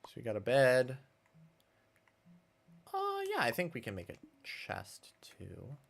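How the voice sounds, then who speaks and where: A man's voice: medium pitch, wildly swooping pitch, slow, creaky. A man streaming a game, chatting casually and nostalgically while he thinks aloud. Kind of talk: casual gameplay commentary. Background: faint game music.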